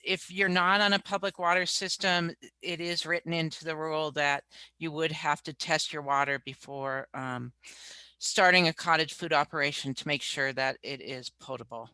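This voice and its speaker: A woman's voice: low voice, steady tone, normal speed, sharp tone, clear, resonant tone, dry recording. A woman public health sanitarian answering a question in a matter-of-fact, explanatory way. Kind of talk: answering a question in an online workshop.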